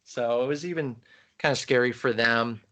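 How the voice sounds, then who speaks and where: Man, podcast co-host, casual chat, animated, enthusiastic, middle pitch. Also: normal speed. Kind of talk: casual chat about films.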